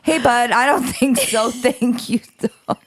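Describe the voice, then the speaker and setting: Casual podcast co-host, a woman, high-ish voice, profane and animated storyteller. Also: slow. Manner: laughing, profane, animated retelling.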